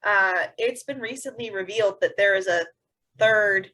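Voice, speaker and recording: A young woman co-hosting a podcast in casual chat, animated and sarcastic. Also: medium pitch, rough recording. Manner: animated, sarcastic, quick bursts. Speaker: podcast co-host.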